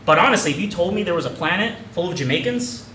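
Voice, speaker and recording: A man's voice: high-pitched, expressive, quick pace, sharp tone, distant mic. Young man doing stand-up in an echoey club. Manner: casual, rambling, self-mocking delivery. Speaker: stand-up comedian. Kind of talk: stand-up comedy set. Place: comedy club stage. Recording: echoey club room from afar, audience noise. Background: audience laughter.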